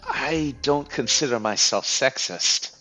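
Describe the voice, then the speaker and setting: A man's voice: medium pitch, lively intonation, takes it slowly, bright, forceful tone, faint music behind. A man playing a barking French office boss. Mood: lecturing. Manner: barking, insulting, drill-sergeant chants. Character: harsh bossy male office manager.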